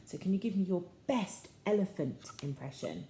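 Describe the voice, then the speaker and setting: A woman's voice: fairly low pitch, lively intonation, moderate pace, few pauses, mellow, echoey room. A woman reading a picture book aloud to children in a playful, sing-song way, often asking them questions. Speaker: children's storyteller.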